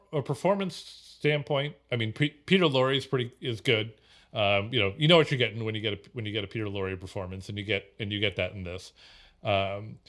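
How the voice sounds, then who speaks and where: A man's voice: fairly low pitch, fairly bright tone. A man co-hosting a casual film podcast, rambling with many fillers and restarts. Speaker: podcast co-host.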